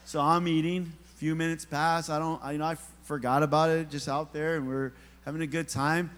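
A man's voice: fairly high pitch, steady tone, fairly quick, hardly any pauses, fairly bright tone. A middle-aged man preaching a sermon in a church, telling a story with humor and talking straight to the congregation. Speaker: pastor. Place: church sanctuary. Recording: long hall reverb.

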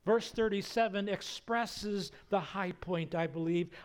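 A man preaching a sermon, emphatic, swinging between raised acted-out quotes and hushed near whispers. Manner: slow, emphatic delivery with wide swings in pitch and loudness. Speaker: pastor.

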